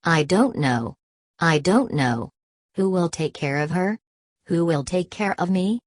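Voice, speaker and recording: A woman's voice: fairly low pitch, animated, unhurried, dry recording, clean studio sound. A woman voicing a grieving old woman who wails and repeats herself mournfully, in an audiobook reading. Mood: wailing. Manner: mournful, repetitive wailing.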